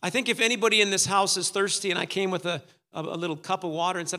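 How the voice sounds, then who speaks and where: A man's voice: sits high, steady tone, very fast, bright, forceful tone, long reverb tail. A man preaching a sermon, dramatic, acting out the voices of the story's figures. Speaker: pastor.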